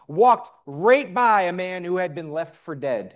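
A man preaching a sermon in short measured phrases, pausing for his interpreter. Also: high-pitched, lively intonation.

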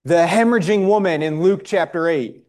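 A man preaching a sermon in short measured phrases, pausing for his interpreter. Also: high voice, a little mellow.

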